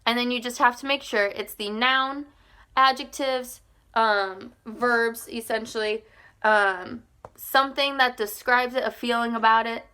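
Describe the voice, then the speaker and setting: A woman teacher giving a recorded language arts lesson, explaining step by step in a patient way, often pausing with "um" and checking in with "okay?". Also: fairly high pitch, fairly even intonation, sharp tone, smooth. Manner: frequent "um" fillers while thinking aloud.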